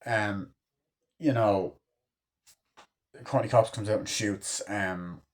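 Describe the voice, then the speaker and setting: Male fan reviewer, casual and excitable, rambly delivery, swears a lot. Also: on the low side, slow pace. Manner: rambling, profane, lots of fillers like "you know" and "like"; enthusiastic fan. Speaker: movie reviewer. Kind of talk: casual spoken film review.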